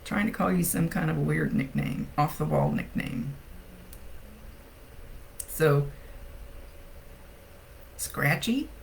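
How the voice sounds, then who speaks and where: Woman, psychic medium, casual reading, gravelly, laughs a lot, light background hiss. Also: deep voice, low-quality recording. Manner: chatty, laughs often, relays spirit messages.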